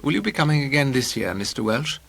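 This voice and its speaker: A man's voice: medium pitch, big pitch swings, fast talker, creaky, fairly bright tone, dry recording, exaggerated voice. A man voicing a prim young woman with a tart, reproving manner. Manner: cutting in, tart.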